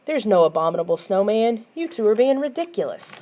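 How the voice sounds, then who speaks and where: A woman reading the part of a skeptical, teasing young girl in a high, pushy voice. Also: big pitch swings, a little fast, mellow, close to an everyday voice.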